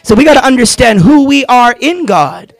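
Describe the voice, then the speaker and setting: A man pastor preaching a fervent sermon in a very high voice, calling on the congregation to answer him. He stretches out key phrases and breaks into shouts at the peaks. His voice is close and dry, with no room sound. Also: lively intonation, normal speed, gravelly, no echo, rough recording. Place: church.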